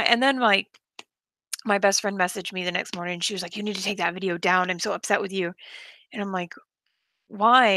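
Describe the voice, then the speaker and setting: Chatty woman with a gravelly edge. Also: medium pitch, sharp tone, no echo. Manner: chatty, rambling, reacting to viewers with bursts of laughter. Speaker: livestream host. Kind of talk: casual live-stream chat.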